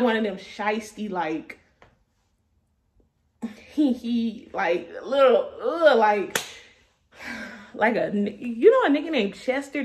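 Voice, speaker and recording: A woman's voice: medium pitch, a little mellow. A woman in her twenties, a vlogger, telling a casual story in blunt, profane slang and laughing as she goes.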